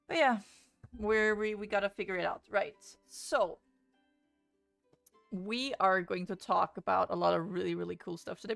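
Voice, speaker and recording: A young woman with a gravelly, fry-laden voice runs a laid-back book stream. She chats loosely and curses often, and faint music plays underneath. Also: mid-range voice. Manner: chatty, swears freely, greets chat excitedly. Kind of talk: casual livestream chat.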